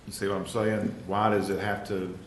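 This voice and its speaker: Low-voiced, probing commissioner heard off-mic in an echoey room. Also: male voice, little pitch movement, moderate pace, slight background noise. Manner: probing, questioning. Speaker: planning commissioner.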